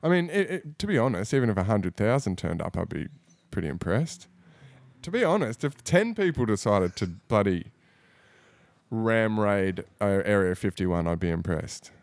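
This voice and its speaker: A man hosts a casual podcast in a low voice. He talks in a laid-back, rambling way, full of fillers. The sound is dry and close. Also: sing-song, moderate pace, dry recording. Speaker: podcast host.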